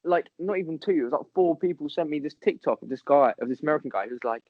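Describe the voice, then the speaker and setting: Sweary man, a touch high. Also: expressive, fast talker, dry recording, lo-fi sound. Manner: blunt, sweary banter. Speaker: podcast co-host. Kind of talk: casual chat.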